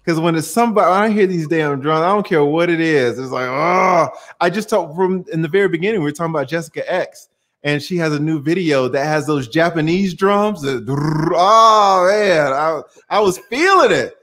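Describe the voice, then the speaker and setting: An animated man hosts a live-stream panel, chatting casually. His voice sits a bit high, and he keeps things loose with plenty of filler sounds between thoughts. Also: fairly quick.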